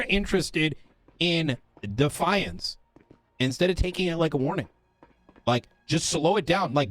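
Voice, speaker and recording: A man's voice: a little high, animated, fairly bright tone, no room sound. Earnest lecturing man in dry sound. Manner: earnest, lecturing, halting with fillers. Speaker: police officer in a roleplay game. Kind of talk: in-character roleplay conversation.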